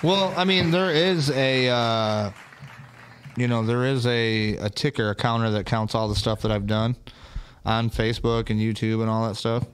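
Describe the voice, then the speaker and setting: A man's voice: mid-range voice, steady tone, moderate pace, slight background noise. A man co-hosting a live-stream podcast, chatting loosely and swearing in casual banter. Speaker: podcast co-host.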